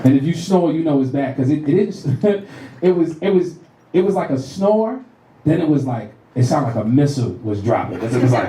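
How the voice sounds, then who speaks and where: A middle-aged man doing stand-up comedy, telling animated profane stories and working the crowd on a club stage. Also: fairly high pitch, moderate pace, background noise. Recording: roomy club with audience laughter.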